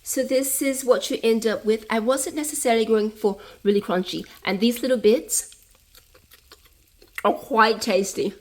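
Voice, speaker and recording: Slow-talking woman cooking vlogger. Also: fairly high pitch, steady tone. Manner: chatty, repeats words, laughs, says "y'all". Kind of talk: casual cooking video.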